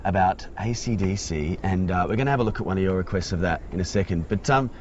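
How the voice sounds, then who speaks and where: A man hosting a radio interview, asking quick, upbeat questions. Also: sits low, a little hiss or hum. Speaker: radio host. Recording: slightly muffled radio recording.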